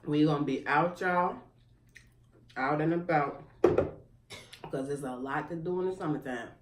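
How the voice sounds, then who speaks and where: A woman's voice: low voice, measured pace, distant mic. A woman hosting an eating show, chatting casually between bites and laughing often. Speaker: mukbang host. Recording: echoey room, voice from afar, faint room noise.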